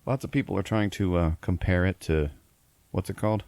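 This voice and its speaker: Low gravelly man rambling through a movie recap. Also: brisk, a little mellow, no echo. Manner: rambling, profane, laughing storyteller. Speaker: podcast host.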